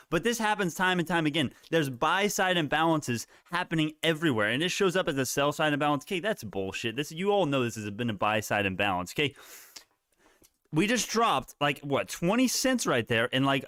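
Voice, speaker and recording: A man giving live stock market commentary, excitable and hyped, laughing often and swearing casually. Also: a little high, smooth, no room sound, studio quality.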